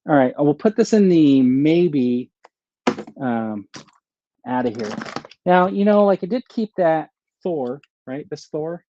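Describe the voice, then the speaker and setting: A man's voice: fairly high pitch, animated, takes it slowly, pauses often, mellow, no room sound, muffled recording. A man hosting a casual live stream, rambling, thinking aloud and answering viewers' chat comments. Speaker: host of a live stream about his action figure collection.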